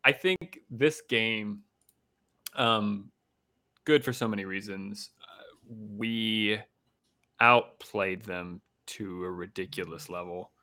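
A man co-hosting a casual sports podcast, animated and joking, often restarting his sentences. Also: lowish voice, slow, long pauses. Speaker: podcast co-host.

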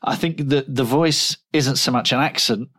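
A man co-hosts a podcast in a relaxed, conversational way. He thinks aloud, circling back and restarting his sentences as he goes. His voice sits at an ordinary middle pitch. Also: normal speed, slightly rough. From England. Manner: reflective, with frequent restarts and fillers. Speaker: podcast co-host and writer. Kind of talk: casual conversation.

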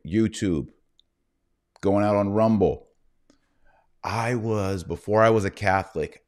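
A middle-aged man with a very low voice hosts a livestream. He rambles from point to point and keeps a mocking edge in his commentary. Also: a little mellow. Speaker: livestream host.

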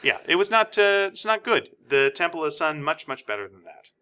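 A man co-hosting a casual chat, sarcastic and quick to act out mock dialogue. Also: on the high side, big pitch swings, bright, forceful tone, clear, resonant tone. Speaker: podcast co-host. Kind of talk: casual chat reviewing films.

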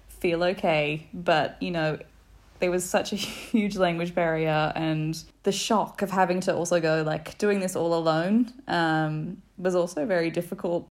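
A woman, a podcast guest telling a story in a casual, animated way, laughing often and saying "like" a lot. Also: fairly low pitch. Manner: animated, laughing, many fillers like "like".

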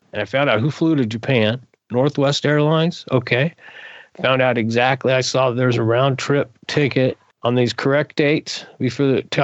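An older man, a guest in an interview, telling a story in a casual, animated way, his voice jumping up when he gets excited. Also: medium pitch, no room sound. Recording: dull lo-fi recording.

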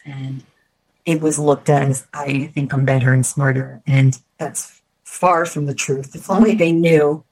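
Low-voiced woman telling her story. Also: fairly even intonation, a little slow, a little mellow, low-quality recording. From New York. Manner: candid, reflective, restarts words often. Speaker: guest. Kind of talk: personal story in an interview.

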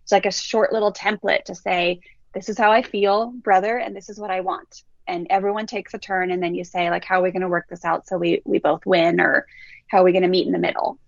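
Gravelly-voiced woman parenting coach. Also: lowish voice, a little fast, no room sound, dull audio. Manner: storytelling, animated quoting of others. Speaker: parenting coach and podcast guest. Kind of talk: casual podcast chat.

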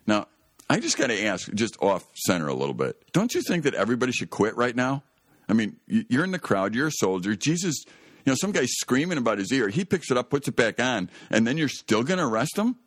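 A man's voice: medium pitch, sing-song, fairly quick, dry recording, clean studio sound. A man hosting a Christian radio talk show, telling a Bible story in an earnest, emphatic way that often rises to exclaim.

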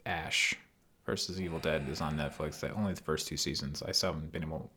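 A man co-hosting a podcast in casual chat. He teases dryly in a calm way. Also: rumbling low, quick pace. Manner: calm, dry teasing. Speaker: podcast co-host and editor.

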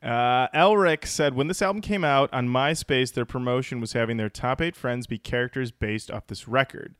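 Man, podcast co-host, reads listener comments, jokey asides, mid pitch, dry close sound. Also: normal speed, fairly bright tone, clear, resonant tone, no room sound. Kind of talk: casual comedic chat.

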